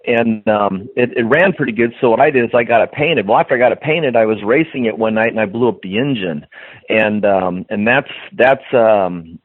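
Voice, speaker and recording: A man's voice: on the low side, moderate pace, no echo. A middle-aged man telling stories in an interview, acting out the voices of people he quotes, with frequent restarts. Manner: animated storyteller, acts out quoted dialogue, frequent restarts. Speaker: podcast guest, detailing trainer. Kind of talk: storytelling interview chat. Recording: dry tinny phone line.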